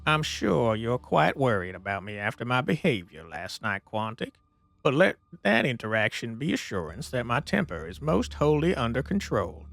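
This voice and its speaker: A man voicing a prim, well-mannered pet in a video game, speaking slowly and very formally. The voice drops low with a gravelly edge. It's recorded dry and close. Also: very animated, a bit bright, no room sound, soft background music. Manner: slow, stately and formal.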